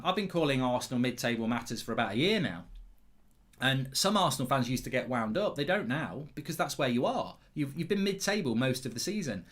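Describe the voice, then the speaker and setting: Male football-channel host, teasing banter, rapid restarts, average pitch. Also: fairly bright tone. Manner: banter-filled, teasing, chatty with stammered restarts. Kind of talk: live football watchalong commentary.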